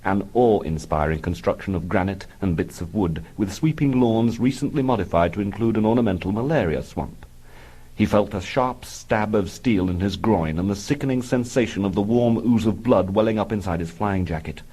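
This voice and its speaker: A man reading his own comic book aloud in a dry, deadpan manner. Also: lowish voice, moderate pace, breathy edge, poor audio. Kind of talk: audiobook narration.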